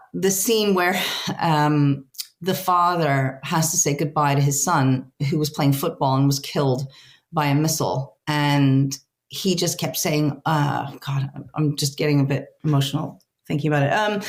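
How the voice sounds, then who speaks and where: Low-voiced woman, earnest translator guest. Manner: earnest, halting, searching for words. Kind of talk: reflective interview answers.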